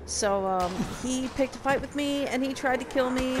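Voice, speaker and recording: A woman's voice: high-pitched, normal speed, hardly any pauses, heavy background noise. A young woman casually recapping a game, sarcastic and profane in her exasperation. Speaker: game reviewer.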